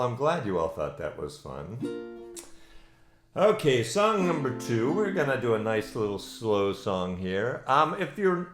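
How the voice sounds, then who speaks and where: A man hosting a casual online ukulele play-along. He talks in a chatty, encouraging way and fills pauses with ums and uhs. His voice echoes in the room over faint ukulele playing. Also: medium pitch. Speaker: ukulele teacher and host. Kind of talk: casual live online lesson. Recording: roomy echo with ukulele playing.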